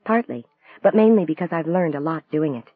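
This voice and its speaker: A man reading the lines of a gentle, wistful woman novelist in a soft, earnest voice, raising his pitch for her. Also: animated, brisk, no echo. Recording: dry, tinny phone-like sound.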